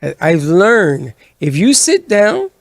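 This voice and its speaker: A man's voice: high voice, huge pitch swings, slow pace, no room sound. A man on a talk show chatting casually and acting out the people he quotes as he tells stories. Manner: storytelling, acts out quoted lines. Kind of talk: casual chat.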